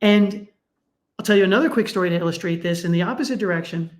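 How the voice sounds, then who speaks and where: A middle-aged man, a sports psychologist guest, speaking in a conversational, animated way and acting out the people in his stories. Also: fast talker. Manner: animated, acts out quoted parents with raised pitch. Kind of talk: conversational storytelling.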